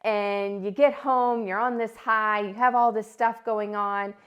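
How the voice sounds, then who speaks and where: A woman's voice: medium pitch, a little slow, lo-fi sound. A woman in her thirties, a podcast host telling a story in a casual monologue and acting out the voices she quotes. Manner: animated, acts out quoted voices.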